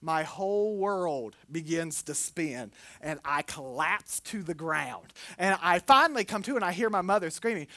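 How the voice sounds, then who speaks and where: A woman preaches a sermon in an animated storytelling manner and often jumps into acted quotes. Her voice is bright and forward. It is recorded close in a dry room. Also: fairly low pitch, normal speed, few pauses, no echo.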